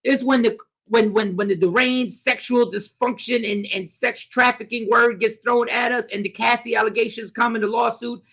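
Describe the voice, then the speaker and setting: A man hosting a casual livestream, commenting on the news and reading viewers' comments aloud, animated and repetitive. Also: very high-pitched, normal speed. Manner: animated, talks back to chat, repeats himself. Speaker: host.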